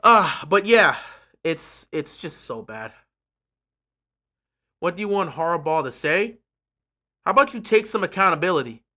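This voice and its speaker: Fan host on a live reaction stream: bright, sharp tone, sarcastic, fed up, repeats himself for effect. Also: medium pitch, animated, measured pace, long pauses. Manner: frustrated, sarcastic and repetitive.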